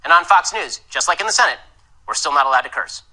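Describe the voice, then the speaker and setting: A man's voice: on the high side, animated, bright, forceful tone, poor audio. A man in a played clip, a political commentator with confident, combative debate talk. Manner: confident, combative, fast-talking. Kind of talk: rapid-fire debate talk.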